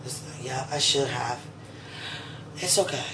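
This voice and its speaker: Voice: mid-range voice, a little slow. A person chatting casually and affectionately at home in a kitchen, with frequent laughter and a playful, teasing manner. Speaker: person talking to a loved one. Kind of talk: casual one-sided chat. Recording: roomy sound from a distant mic with faint background noise.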